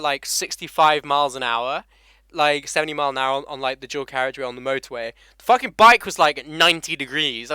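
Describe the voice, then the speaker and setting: A man's voice: on the high side, bright, forceful tone, clear, resonant tone, no room sound. A young man with an English accent hosting a casual motorcycle live stream, swearing freely and laughing as he greets viewers by name. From England. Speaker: motovlogger host.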